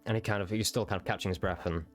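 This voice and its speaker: A man narrates a tabletop game scene in a loose, rambling style full of fillers. His voice sits fairly low, and faint background music plays under it. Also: steady tone, racing. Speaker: game master.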